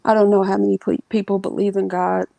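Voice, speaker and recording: A woman telling an emotional family story as an interview guest, earnest and halting, sometimes acting out what others said. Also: mid-range voice, level tone, gravelly, dark tone, no room sound, low-quality recording.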